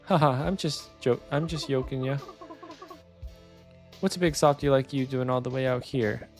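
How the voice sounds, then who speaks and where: A man's voice: mid-range voice, fairly even intonation, normal speed, faint music behind, lightly acted. A man reading game dialogue as a playful young woman who lives in the woods, friendly and teasing. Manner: teasing, friendly, read aloud from game text.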